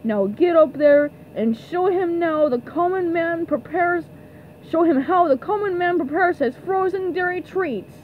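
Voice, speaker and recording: A woman's voice: very high-pitched, measured pace, narrow, tinny audio, a little hiss or hum. A woman voicing a pompous, spiteful tiny male villain in a cartoon fan dub. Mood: scheming. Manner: gloating, theatrical.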